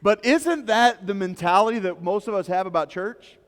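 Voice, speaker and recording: A man's voice: high-pitched, animated, normal speed, clear, resonant tone, big-room sound. A male pastor preaching a sermon, emphatic and repetitive, telling stories to make his points. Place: church service in a large rented hall.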